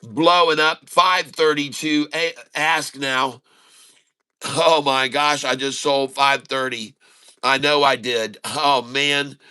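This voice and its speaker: A man giving excited running commentary on his live day trades, calling out prices and talking to viewers as folks. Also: mid-range voice, smooth. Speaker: day-trading streamer.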